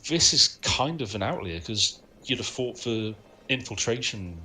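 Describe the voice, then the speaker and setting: A man's voice: mid-range voice, expressive, measured pace, bright, forceful tone, a little hiss or hum. A man co-hosting a film podcast, sharing film trivia in a casual, anecdotal way. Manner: knowledgeable, anecdotal, laughs often. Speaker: podcast co-host.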